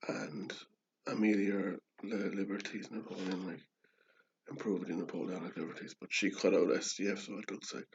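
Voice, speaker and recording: A low, gravelly man talks through his cartoons in a loose, rambling way, swearing freely and laughing at his own jokes. His voice is husky, and the recording sounds dull and lo-fi. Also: moderate pace. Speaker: podcast host explaining his cartoons. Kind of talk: casual rambling chat.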